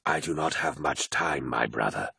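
A man voicing a solemn male wolf spirit who speaks slowly and gravely. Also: rumbling low, animated, pushed and bright, no room sound, clean studio sound, pitched below the performer's own voice, exaggerated voice. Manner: slow, grave, drawn-out.

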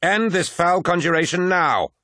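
A man voices a stern guard captain in an audiobook, barking commands in old-fashioned phrasing. The voice is pitched well above the narration and delivered with hard force. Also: normal speed, sharp tone, dry recording, clean studio sound. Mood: commanding. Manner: barking commands in archaic speech. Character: stern male guard captain, archaic speech.

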